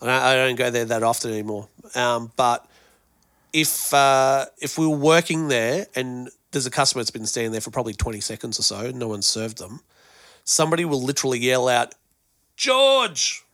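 A man with an Australian accent, chatting casually as a podcast guest and telling animated stories, often repeating words as he starts a thought. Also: medium pitch, brisk, dry recording, clean studio sound. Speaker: guest musician and presenter.

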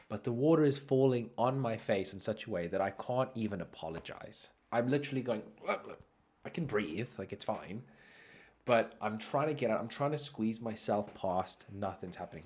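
A man's voice: on the low side, husky. A man who is sick, hosting a podcast and telling a story in a casual, laughing way. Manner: animated, laughs through his own story. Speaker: podcast host.

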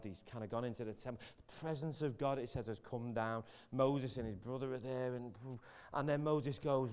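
A man's voice: mid-range voice, normal speed, a little mellow, smooth. A man giving a chatty, jokey sermon in a church, telling the story with many restarts. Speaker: preacher. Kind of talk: casual sermon.

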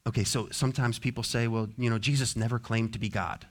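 A man preaching a sermon as pastor, moving between soft, gentle consoling passages and emphatic, repeated declarations. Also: mid-range voice, fairly even intonation, fast talker.

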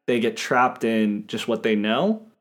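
A man's voice: lowish voice, unhurried. A man co-hosting a casual chat, talking in a thoughtful, reflective way with plenty of "like" fillers.

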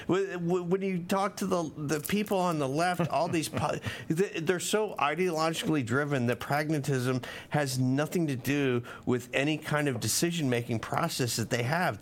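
A man's voice: fairly high pitch, normal speed, hardly any pauses. A man co-hosting a casual political talk show, heated and ranting, with blunt profanity. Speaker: co-host.

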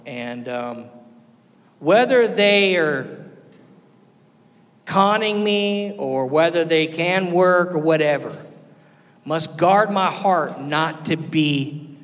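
A man preaching a sermon, earnest, rising to loud emphasis and dropping to soft, quiet lines. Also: on the high side, expressive, slow, pauses often. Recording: long hall reverb with faint music.

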